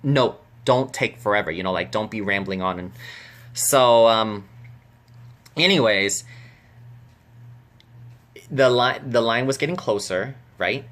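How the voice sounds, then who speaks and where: A man vlogging to camera, telling a story in a chatty, animated way with many fillers and restarts. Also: on the low side, takes it slowly, pauses often.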